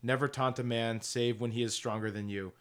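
Man doing courteous older king, formal speech, firm, mid-pitched voice. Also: steady tone, brisk, lightly acted. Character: patient dignified older male king.

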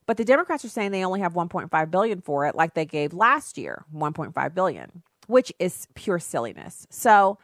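A woman's voice: low voice, dry recording, studio quality. A woman hosting a political talk radio show, delivering a sarcastic, opinionated monologue.

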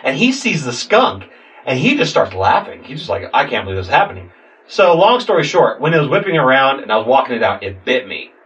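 A young man casually telling a story, animated, acting out voices and swearing a lot. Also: mid-range voice, brisk. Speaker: podcast guest telling a story. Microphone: sitting far from the mic. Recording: distant mic in a room.

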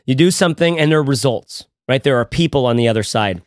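A man's voice: mid-range voice, expressive, fast, no echo. Casual male co-host, joking and rambling, dry close mic. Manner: jokey, rambling, stumbles over words. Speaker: podcast co-host. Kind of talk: casual podcast chat.

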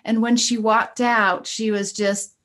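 A woman's voice: a little high, little pitch movement, slow, fairly bright tone. A middle-aged woman, a school counselor, telling a personal story in an earnest, encouraging way during a casual podcast conversation.

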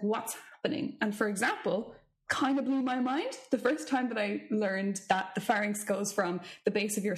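A woman singing teacher in casual chat, animated and curious, with quick asides. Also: medium pitch.

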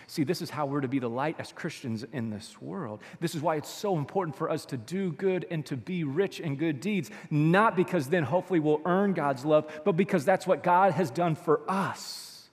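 A male pastor preaching a sermon in a church, telling stories and swinging between hushed and loud. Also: a little high, moderate pace, hardly any pauses, husky. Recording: long reverb of a large hall.

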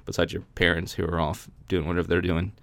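A man's voice: deep voice, flat delivery, fast, creaky, fairly bright tone, dry recording. A man hosting a podcast, reading Bible passages aloud and talking them over casually, with frequent restarts. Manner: reads scripture aloud then chats about it with many restarts. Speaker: podcast host.

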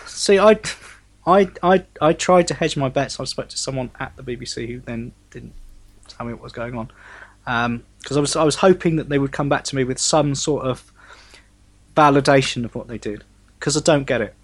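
A man, a guest in a casual political discussion, talking in an animated, conversational way. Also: medium pitch, fairly quick.

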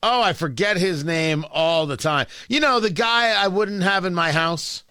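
A man's voice: sits high, unhurried, bright, forceful tone, clear, resonant tone, no echo, studio quality. A man hosting a political talk radio show, delivering a sarcastic, opinionated monologue full of rhetorical questions.

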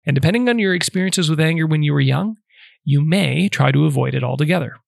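Gravelly man giving step-by-step podcast teaching. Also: fairly high pitch, animated, fast talker, no room sound, clean studio sound. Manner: conversational, lays out numbered steps, frequent "like". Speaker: podcast host teaching on prayer. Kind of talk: casual instructional talk.

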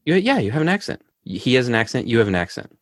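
A man's voice: medium pitch, big pitch swings, fast talker, no echo, clean studio sound. A man hosting a podcast, joking and bantering in casual chat. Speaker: podcast host.

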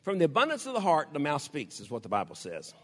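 Folksy older preacher, lively. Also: male voice, fairly high pitch, quick pace, big-room sound. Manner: folksy, laughs often, acts out quoted prayers. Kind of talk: conversational sermon.

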